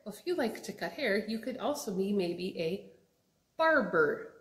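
A young woman teaching children job words, asking them to repeat each word in a slow, sing-song way. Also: mid-range voice, very animated. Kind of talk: children's vocabulary lesson. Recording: echoey room.

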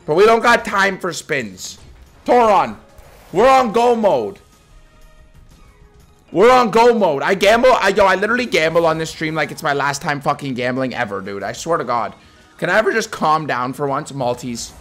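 A young man streaming slots live to his chat, swearing constantly and bursting into screaming hype, his voice going hoarse. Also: on the high side, expressive, moderate pace, a bit bright. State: losing his voice. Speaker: gambling streamer. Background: faint slot game music.

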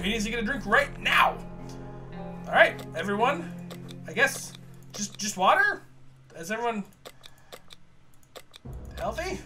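A man's voice: high voice, bright, forceful tone. A man hosting a let's play of a survival game, reading its text aloud with mock drama and joking at his own slips. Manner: jokey, reads game text with mock drama, laughs at himself.

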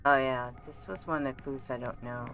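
A woman streamer thinking aloud while playing a game, chatty and given to quick exclamations. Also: a bass voice, steady tone, fairly bright tone. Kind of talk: casual gameplay commentary.

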